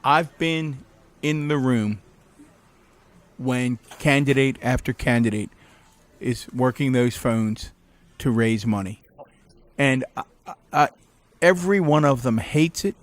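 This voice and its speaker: Middle-aged guy telling stories on a podcast, laughs a lot, pretty animated, normal pitch. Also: slow pace, long pauses, no room sound. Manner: animated anecdotes with frequent laughs. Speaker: podcast guest, former county executive. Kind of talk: casual interview storytelling. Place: cafe.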